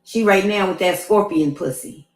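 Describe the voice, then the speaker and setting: Woman, co-commentator, crude teasing banter, mid-pitched, echoey room. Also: normal speed, a crowd in the background. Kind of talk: casual reaction chat.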